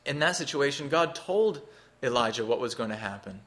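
A man's voice: medium pitch, lively intonation, normal speed, fairly bright tone. A man preaching a sermon, teaching through a scripture passage in an earnest, expository way, rising for emphasis.

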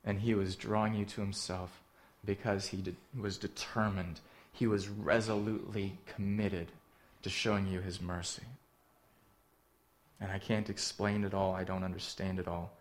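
A man preaching a sermon, earnest and direct, asking the listeners questions and swinging between emphatic lines and hushed ones. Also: deep voice, flat delivery, normal speed. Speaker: pastor.

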